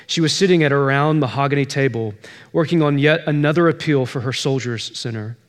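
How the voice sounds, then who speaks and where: A man's voice: medium pitch, brisk. A man preaching as pastor, telling a story and pressing its point with emphatic repetition. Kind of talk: sermon.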